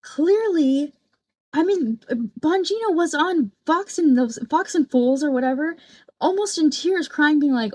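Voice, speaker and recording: A woman's voice: sits high, unhurried, mellow, dry recording. A woman giving casual reaction commentary on a clip, with a blunt, profane and mocking manner.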